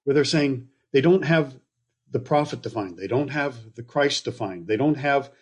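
Man, husky voice, mid-pitched, easygoing Bible teaching, chatty asides. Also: normal speed. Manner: relaxed, explaining with frequent okays and asides.

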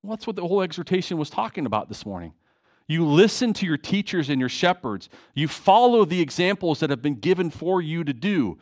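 Male pastor, emotional sermon in a church, lively swooping delivery. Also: on the high side, fairly quick. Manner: impassioned, emotional preaching with restarts. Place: church hall.

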